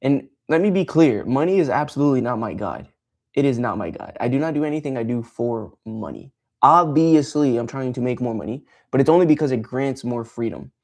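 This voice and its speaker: Profane, frustrated man with mellow voice. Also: mid-range voice, animated, brisk, creaky. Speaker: streamer. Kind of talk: casual livestream rant.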